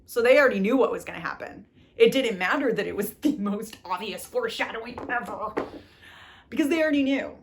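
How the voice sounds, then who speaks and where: A woman's voice: fairly high pitch, expressive, a little fast, noisy background. A young woman chatting casually about books she has read, gushing and exasperated by turns, repeating herself and saying "like" a lot. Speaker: book vlogger. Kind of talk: casual book review chat.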